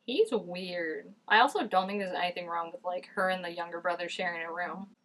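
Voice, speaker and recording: Her pitch sits fairly low, her pace is fairly quick, and her tone is fairly bright. She's hosting a reaction video, casually responding to scenes and leaning on "like" again and again.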